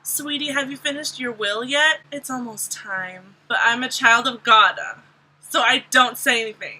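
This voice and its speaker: A woman's voice: sits high, sharp tone, low-quality recording. A young woman vlogger telling a storytime in a chatty, sarcastic way, full of "like". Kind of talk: casual storytime.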